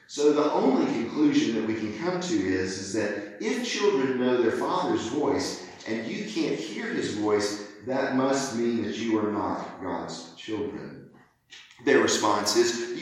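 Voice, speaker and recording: A man preaching a sermon earnestly and emphatically, acting out the quoted lines with drama. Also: medium pitch. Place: church sanctuary. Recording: very echoey church from far off.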